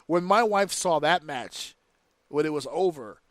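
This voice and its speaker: A fairly high-voiced man talks wrestling on a podcast, getting worked up and swearing freely. The sound is dry and close. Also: measured pace, no echo. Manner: animated, profane, rants excitedly. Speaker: podcast co-host. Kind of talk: casual wrestling podcast chat.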